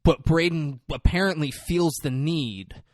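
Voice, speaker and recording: A young man trades quick, teasing, profane banter while recapping a film on a podcast. His voice is a touch high, and the sound is dry and close-miked. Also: dry recording. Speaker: podcast co-host. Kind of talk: casual movie recap chat.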